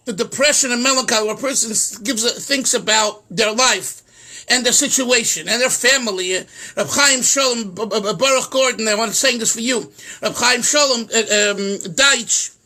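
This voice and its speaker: A middle-aged rabbi giving an informal class, animated and repeating words, mixing in Yiddish and Hebrew terms. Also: male voice, very high voice. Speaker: rabbi teaching Chasidus.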